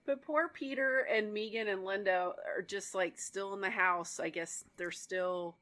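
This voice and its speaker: A woman's voice: medium pitch, pushed and bright. A woman co-hosting a casual movie-review podcast, reacting wryly and laughing often. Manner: wry, quick reactions, frequent laughter. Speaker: podcast co-host.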